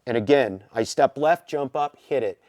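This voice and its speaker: A man from the Pacific Northwest, a podcast guest telling an animated story with many "you know" fillers. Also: medium pitch, moderate pace, no echo, studio quality. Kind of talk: casual storytelling.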